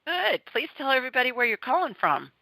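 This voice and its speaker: A woman's voice: sits high, big pitch swings, fast, gravelly, sharp tone, dry recording, rough recording. A middle-aged woman, hosting a podcast in a chatty, upbeat way. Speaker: host. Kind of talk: casual chat.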